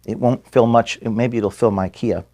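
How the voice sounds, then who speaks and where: Close to tears, a man gives a halting farewell address to his staff from an office room, repeating words and apologizing for his emotion. His voice is medium-pitched and dark, with a steady tone.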